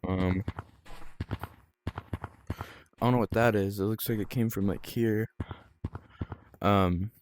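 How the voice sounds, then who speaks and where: Rambling low-voiced gaming vlogger. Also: male voice, steady tone, slow pace, pauses often, a little mellow, slight background noise. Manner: rambling, full of ums and restarts. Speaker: gaming channel host. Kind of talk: casual gameplay commentary.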